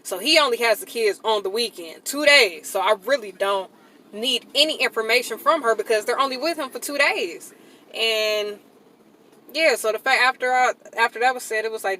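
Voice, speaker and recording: A woman speaking to camera in a blunt, profane, emphatic rant, swinging into loud outbursts. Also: on the high side, normal speed, low-quality recording. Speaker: vlogger. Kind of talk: casual venting monologue.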